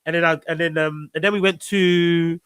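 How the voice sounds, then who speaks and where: A man's voice: fairly high pitch, steady tone, moderate pace, a bit bright, smooth, dry recording. A man chatting casually as a guest on a live stream, laid-back and rambling, swearing now and then. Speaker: guest, fellow show host.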